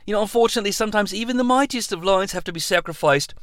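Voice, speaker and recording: A man doing a hushed hesitant director. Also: high voice, dry recording, clean studio sound. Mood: apologetic. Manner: quiet, halting, apologetic. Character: soft-spoken hesitant male film director.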